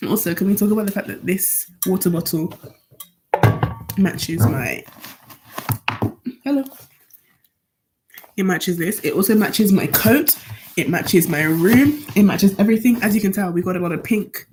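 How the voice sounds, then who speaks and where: A woman's voice: mid-range voice, a little slow, pauses often, a little mellow, a little hiss or hum. Chatty teenage girl live-streaming. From Nigeria. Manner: chatty, rambling, answers chat questions aloud. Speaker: student streamer. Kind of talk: casual live-stream chat.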